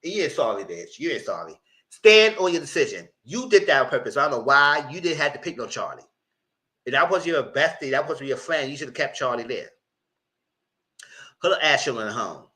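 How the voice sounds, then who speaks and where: Sassy, lively man recapping reality TV. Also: moderate pace. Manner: sassy, blunt, slangy, breaks into mocking high voices. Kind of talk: live recap commentary.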